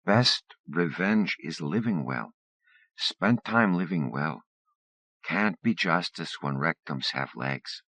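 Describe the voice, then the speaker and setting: A man voicing a soft-spoken young Vietnamese immigrant girl who speaks slow, broken English in an airy voice. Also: low-pitched, animated, no echo, heavily acted. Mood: calm, wry.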